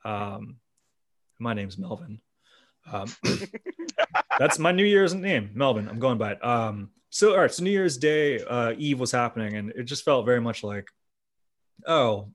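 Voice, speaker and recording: Male podcast host, mid pitch, relaxed, quick to laugh. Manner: laid-back, laughs often. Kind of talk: casual podcast chat.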